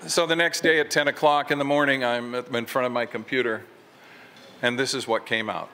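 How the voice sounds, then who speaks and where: A man's voice: mid-range voice, steady tone, a little fast, bright, forceful tone, a little hiss or hum. An older man, a fisherman poet, telling a plain story and then reading his poems aloud at a live reading. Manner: plainspoken storytelling with wry asides. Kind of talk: poetry reading with spoken story. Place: brewery stage.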